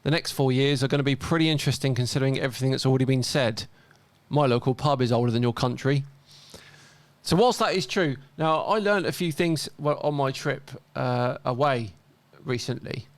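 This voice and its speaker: A man's voice: mid-range voice, a little fast, no room sound. A man giving casual commentary as a host, reading out posts and mocking their mistakes with dry humour. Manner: wry, mocking, chuckles at mistakes.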